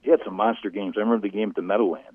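A middle-aged man, a former sportscaster and guest, telling stories conversationally, animated and laughing often. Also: lowish voice, racing, breathy edge, no room sound. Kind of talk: conversational storytelling. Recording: tinny phone-like line.

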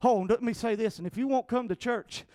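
A man with a Southern accent preaching a sermon as pastor, emphatic and calling for amens, his voice rising at times into shouts. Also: very high-pitched, fast talker, no room sound, studio quality.

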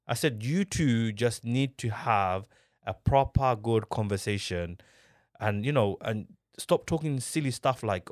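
A young man in a casual podcast chat, telling stories with lively energy, acting out what others said, often restarting his sentences. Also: medium pitch, normal speed, no echo, clean studio sound. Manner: animated storyteller, acts out what others said.

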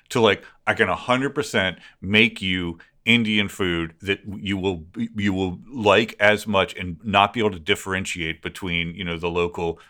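A man co-hosting a podcast, chatting casually in a rambling, animated way and swearing freely. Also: on the low side, unhurried, few pauses. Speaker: podcast co-host. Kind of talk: casual chat.

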